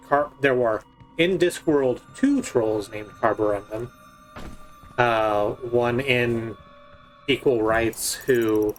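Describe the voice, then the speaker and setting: A man co-hosts a live game stream in a chatty, nerdy way, explaining trivia and answering the chat. His voice sits at a middle pitch, with faint music playing underneath. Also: fairly bright tone. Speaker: stream co-host.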